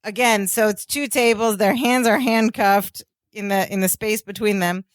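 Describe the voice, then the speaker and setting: A woman co-hosts a casual podcast, walking through a sitcom scene beat by beat. She slips into the characters' voices when she quotes them. Her voice sits at an average pitch, recorded close and dry with no room sound. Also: moderate pace, no room sound. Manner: animated storytelling, acts out quoted lines. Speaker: podcast co-host. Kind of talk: casual chat recapping a sitcom episode.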